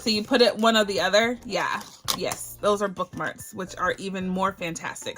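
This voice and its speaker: A woman's voice: mid-range voice, normal speed, fairly bright tone, faint music behind. A woman from Barbados hosting a budgeting channel, chatting through a casual unboxing vlog in a bubbly, effusive way and gushing with thanks.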